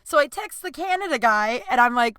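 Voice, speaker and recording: A woman's voice: high-pitched, animated, brisk, pushed and bright, clear, resonant tone, no room sound. A woman comedian hosting her podcast, telling blunt, profane personal stories and acting out both sides of conversations.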